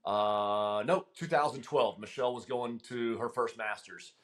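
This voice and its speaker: A middle-aged man, a guest caddie, telling a long story in casual chat, animated and laughing, with frequent ums. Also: medium pitch, a little slow.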